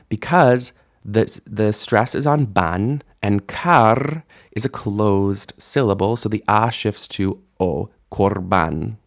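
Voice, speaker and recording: A man teaching a recorded Hebrew lesson, patiently explaining grammar and sounding out syllables slowly, with relaxed joking asides, speaking into a desk microphone. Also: on the low side.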